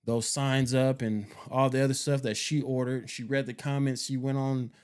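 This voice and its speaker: A man in his thirties talks through his plans in a loose, rambling vlog style, circling back and repeating points. His voice is mellow and smooth, with an easy, unhurried warmth. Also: mid-range voice, flat delivery. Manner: rambling, repeats himself, casual slang. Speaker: homestead channel host. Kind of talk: casual vlog talk.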